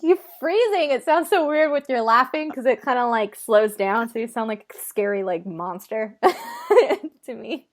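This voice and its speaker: A woman's voice: a little high, sing-song, measured pace. A woman on a video call who passes on a guest's words in casual chat and often laughs. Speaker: host relaying a channeled guest's words.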